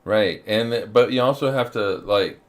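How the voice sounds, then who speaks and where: A man's voice: on the low side, a little slow, over a noisy crowd. A man co-hosting a podcast, throwing in dry, teasing remarks in casual chat. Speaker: podcast co-host.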